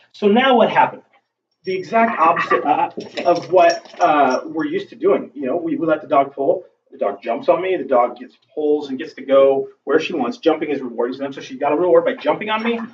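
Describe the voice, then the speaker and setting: A man's voice: on the high side, fairly quick. Distant man explaining dog training. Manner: casual, talks through the steps with fillers. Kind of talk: instructional demonstration. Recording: distant, dull lo-fi recording with faint background noise.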